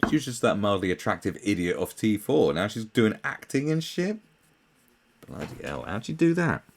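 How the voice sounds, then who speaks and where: A man's voice: lowish voice, very animated, normal speed, gravelly. A man ranting through a commentary video, profane, sarcastic and exasperated. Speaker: commentary channel host.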